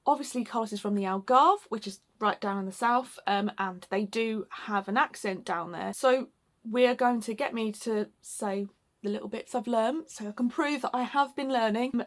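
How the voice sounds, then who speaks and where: A woman from the UK co-hosting a casual Portuguese lesson, chatting loosely with lots of likes and ums. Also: on the high side. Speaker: co-host teaching Portuguese phrases.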